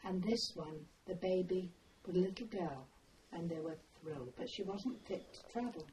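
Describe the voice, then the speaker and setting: An older woman telling her memories in an oral history interview, with an unhurried, meandering way of telling a story. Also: on the low side, mellow. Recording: distant mic, faint background noise.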